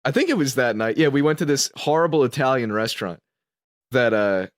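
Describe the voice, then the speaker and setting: A man's voice: mid-range voice, big pitch swings, brisk, no room sound, studio quality. A young man telling a story in casual podcast chat, acting out his own lines and laughing as he goes. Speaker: podcast co-host. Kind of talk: casual storytelling among friends.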